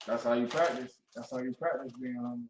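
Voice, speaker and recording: A man's voice: medium pitch, fairly even intonation, fast talker, roomy sound, far from the mic, slight background noise, poor audio. A man in a class reading a verse aloud and adding short affirmations.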